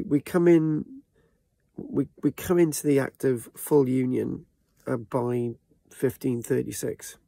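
Man, South Welsh accent, gravelly, dry close sound, hesitant casual talk. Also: mid-range voice, dark tone, dry recording. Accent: South Welsh, from Barry. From Wales. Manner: hesitant, with many fillers and restarts. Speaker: channel host, local historian.

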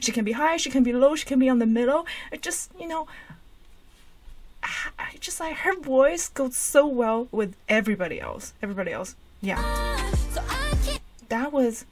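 A woman's voice: high-pitched, expressive, normal speed, pauses often. Gushing woman reacting to music. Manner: gushing, effusive, lots of fillers and restarts. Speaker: reaction channel host. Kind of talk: excited music reaction commentary. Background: faint music from the reacted video.

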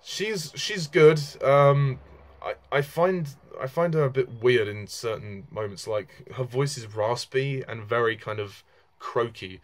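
A man's voice: mid-range voice, a little slow. A young man talking casually through a film review, frank and rambling, with lots of fillers and restarts.

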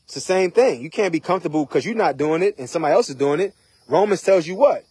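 A man's voice: a little high, lively intonation, fast talker, a little mellow, slightly rough, no echo. A man preaching an informal sermon in a conversational way, often asking "right?" and "you know". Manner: conversational, repeats rhetorical questions.

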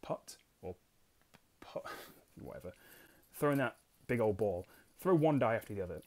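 In casual solo gameplay commentary, a young man from England reads out rules and talks about his solo play with self-deprecating humor. He runs a board game channel, and his somewhat low voice is animated, fairly quick and a little mellow.

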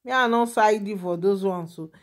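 A woman's voice: mid-range voice, normal speed. A woman with a Nigerian accent hosting her own channel, chatting casually and animatedly as she shares celebrity gossip and laughs often.

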